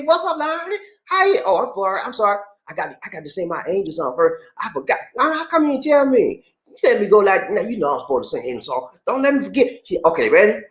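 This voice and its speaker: A man hosting a casual livestream, playful and animated, greeting viewers by name and laughing often. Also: high-pitched, fast talker. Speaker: livestream host. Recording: echoey room.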